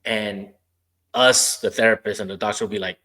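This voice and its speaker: Deep-voiced man hosting a podcast. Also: steady tone, moderate pace, pushed and bright. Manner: storytelling, acting out quoted dialogue. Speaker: podcast host; former rehab therapist. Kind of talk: casual interview chat.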